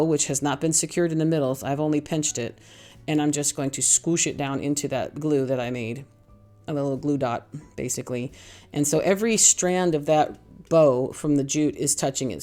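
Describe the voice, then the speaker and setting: A middle-aged woman with a notably low voice narrates a craft tutorial over faint background music. She rambles cheerfully through her steps and pokes fun at herself as she goes. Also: dark tone. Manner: chatty, rambling, self-deprecating. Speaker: craft channel host.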